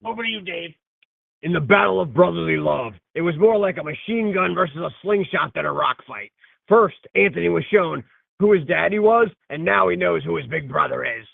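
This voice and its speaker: A man with a gravelly voice reading a comic, scripted fantasy football recap on a podcast. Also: on the high side, lively intonation, a little fast, no echo, phone-quality sound.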